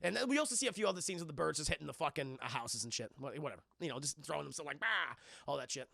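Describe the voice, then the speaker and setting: A man's voice: on the high side, lively intonation, very fast, gravelly, pushed and bright, dry recording, clean studio sound. A man casually recapping a film on a live stream, rambling and swearing a lot while chatting with viewers. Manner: profane, rambling, talks to chat.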